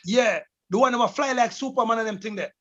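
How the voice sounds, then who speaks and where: Jamaican guy with a really high bright voice, emphatic, keeps repeating words, dull lo-fi audio. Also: a little fast. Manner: emphatic, repeats words and preaches about language. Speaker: guest, reggae artist. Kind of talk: casual chat in Patois.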